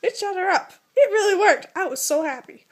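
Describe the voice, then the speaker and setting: American girl telling a story to the camera, high voice, lots of "like", animated and giggly. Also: a little fast. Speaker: vlogger. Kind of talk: casual storytelling.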